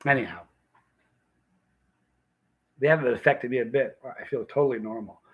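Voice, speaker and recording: A man's voice: mid-range voice, normal speed, lo-fi sound. A man hosting a casual livestream, telling a story in a rambling, emphatic way and often restarting his sentences. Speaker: vlog host.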